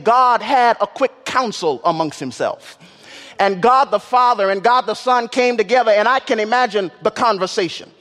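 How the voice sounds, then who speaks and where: A man preaching a sermon in a church, animated, using call-and-response and rhythmic repetition. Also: extremely high pitch. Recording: long church reverb.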